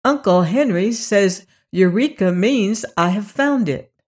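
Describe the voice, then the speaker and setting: A polite, inquisitive little girl asks her questions in a slow, careful way, as the audiobook reader puts her on. Her voice sits a little higher than the narration. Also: lively intonation, a little mellow. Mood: curious. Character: polite, curious little girl traveling home. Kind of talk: audiobook character reading.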